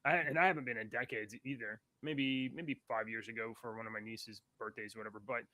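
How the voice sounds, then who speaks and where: A man from Texas co-hosting a casual podcast chat, telling stories in a chatty, animated way. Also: medium pitch, a little fast, no echo. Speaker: podcast co-host.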